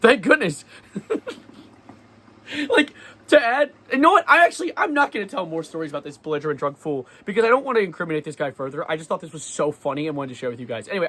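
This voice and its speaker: A young man vlogging, telling a story in a lively, sarcastic way and often laughing. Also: a little high. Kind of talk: casual storytelling vlog.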